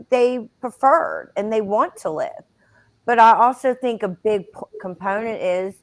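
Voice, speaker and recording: A woman's voice: fairly low pitch, no room sound. A woman co-hosting a casual talk show, speaking thoughtfully and with dry sarcasm. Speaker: podcast co-host.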